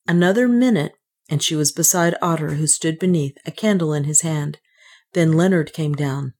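A woman with a low voice narrates an adventure novel as an audiobook. She tells the story in a measured, steady manner. Her delivery stays even from line to line. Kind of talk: scripted narration.

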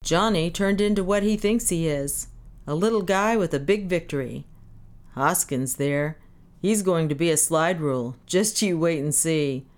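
A woman's voice: on the low side, a little slow, close to an everyday voice. A woman voicing a drunk, good-natured but needling ship captain who talks in a boisterous, mocking, slurred way. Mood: jovial.

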